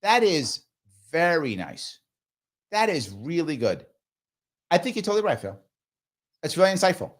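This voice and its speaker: A man's voice: a little high, sing-song, normal speed, pauses often. A man hosting a live stream, chatting casually, reading viewer comments aloud and playfully pleading with his audience. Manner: playful, pleading, repeats himself for effect. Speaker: livestream show host.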